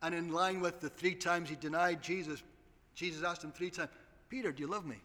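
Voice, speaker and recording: Pastor preaching earnest, high bright voice, big echoey hall. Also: male voice, brisk. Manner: earnest preaching with repeated appeals to the congregation. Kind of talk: sermon. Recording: long hall reverb.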